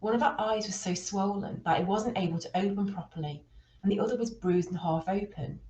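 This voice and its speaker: A woman reading a children's novel aloud, with steady, expressive storytelling. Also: medium pitch, a little fast, echoey room, muffled recording. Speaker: reader.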